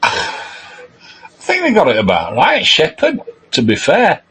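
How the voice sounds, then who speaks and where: A husky-voiced older man co-hosting a football chat. His pitch swings widely as he talks emphatically and laughs along, hammering his point by repeating it. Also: huge pitch swings, measured pace, fairly bright tone. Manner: emphatic, chuckling, repeats himself for effect. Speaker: podcast co-host.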